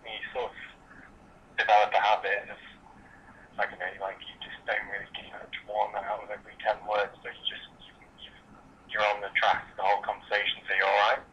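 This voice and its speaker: British man, late twenties, bright lowish voice, halting casual answers, faint hiss behind. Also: monotone, vocal fry, highs cut off. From Britain. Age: late 20s. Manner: hesitant, many fillers and restarts. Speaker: interviewee. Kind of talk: casual interview chat.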